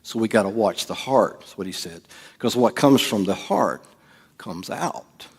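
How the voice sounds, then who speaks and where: A man's voice: on the low side, lively intonation, measured pace, vocal fry, darkish tone, breathy edge. A man preaching a sermon as pastor, in a casual, joking way and acting out quotes. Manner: conversational preaching with jokes and acted-out quotes. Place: church.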